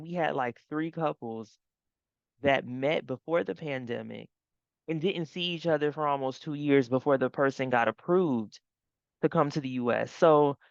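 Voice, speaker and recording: Woman, casual reality TV recap host, chatty, frequent laughs, animated asides, dry dull recording. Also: deep voice, vocal fry, no room sound. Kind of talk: casual reaction commentary.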